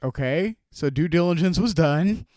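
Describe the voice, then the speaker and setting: A man streaming live, reacting to a video with sarcastic, animated commentary and frequent laughter. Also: on the high side, moderate pace, no room sound, studio quality.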